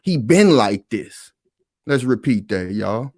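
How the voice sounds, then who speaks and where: A man's voice: mid-range voice, sing-song, slow, darkish tone, dry recording, studio quality. Emphatic man reacting to a news clip. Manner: emphatic, repeats points, talks to viewers as "y'all". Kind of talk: reaction commentary.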